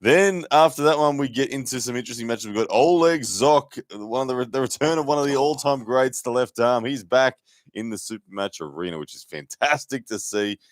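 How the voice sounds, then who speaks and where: A man's voice: mid-range voice, lively intonation, a little fast, no echo, studio quality. A man hosting a live sports commentary stream in a chatty, filler-heavy way. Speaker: host and commentator.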